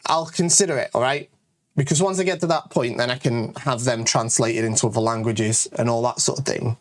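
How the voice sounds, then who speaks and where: Northern english guy ranting to camera, jokey and chatty, mid pitch, lots of "all right?". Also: a little fast. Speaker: kendo channel host and shop owner. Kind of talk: casual Q&A rant to camera.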